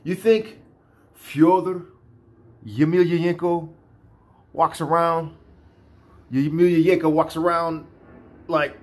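Animated, cursing man ranting. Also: fairly high pitch, measured pace, pauses often. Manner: animated, profane, repetitive. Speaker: vlogger. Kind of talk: casual rant.

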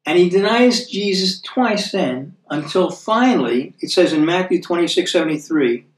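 An American man giving conversational Bible teaching, checking in with listeners through tag questions like "okay?" and slowing down to read scripture aloud. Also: high voice, lively intonation. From United States. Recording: echoey room, voice from a distance.

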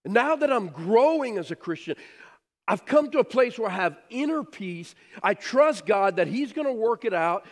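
A middle-aged male pastor with a high, very lively voice preaches in a church sanctuary. He tells stories with big emphasis, then drops to soft, hushed lines. A long reverb rings behind his voice. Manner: animated storytelling, swings from loud emphasis to soft near-whispers. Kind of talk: sermon.

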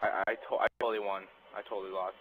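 A young man in casual online party chat with friends, loud, mocking and teasing. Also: lowish voice, flat delivery, racing, phone-quality sound, slight background noise. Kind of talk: casual argumentative banter.

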